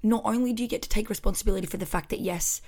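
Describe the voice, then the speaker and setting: A young adult woman with an Australian accent, hosting a casual motivational podcast from home on a microphone, expressive and emphatic with frequent swearing. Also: mid-range voice, very fast. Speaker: podcast host. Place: her house. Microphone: studio microphone.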